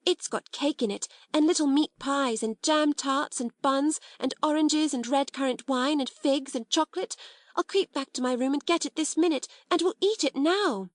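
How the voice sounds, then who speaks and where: A woman's voice: high voice, expressive, a little mellow, no echo, studio quality, voice pushed up. A woman doing a timid, breathless schoolgirl. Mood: excited. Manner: gasping, quick, breathless chatter. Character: timid plump schoolgirl, anxious and eager. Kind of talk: audiobook character reading.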